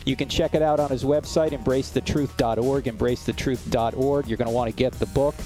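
A middle-aged man hosting a radio talk show, interviewing a guest and reading promotions in a brisk announcer style. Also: medium pitch, fairly even intonation, mellow, soft background music.

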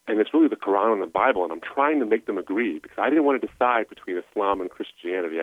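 Deep-voiced man on a phone line. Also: dry recording. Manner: earnest, emotional storytelling with restarts. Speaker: guest. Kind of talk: personal testimony.

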